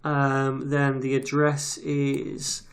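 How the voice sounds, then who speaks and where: This web development tutorial comes from a man with a medium-pitched, smooth voice who speaks very slowly in a completely flat delivery. Though his manner is casual and chatty, he reads details aloud while typing, and the keystrokes are clearly heard in the screen recording.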